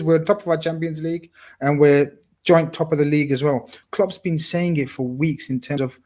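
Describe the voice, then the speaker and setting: A man's voice: a little high, fairly even intonation, normal speed, warm tone. A man talking football on a casual podcast, talkative and blunt, swearing casually. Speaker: podcast co-host.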